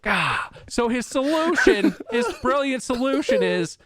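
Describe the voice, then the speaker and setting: A man's voice: very high-pitched, big pitch swings, a little slow, fairly bright tone. A man hosting a podcast, telling an exasperated, sarcastic story in casual chat, swearing freely and laughing along the way. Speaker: podcast host.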